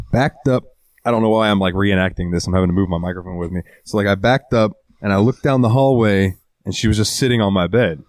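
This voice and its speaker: A man's voice: lowish voice, no room sound. A man hosting a casual podcast, telling a story full of swearing. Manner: profane, animated storytelling. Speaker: podcast host. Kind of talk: casual chat.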